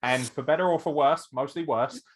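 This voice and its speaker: A man's voice: a little high, a little fast, slightly rough. A man hosting a wrestling podcast, using joking, theatrical, mock-formal banter. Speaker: podcast host and interviewer. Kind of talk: casual comedic podcast chat.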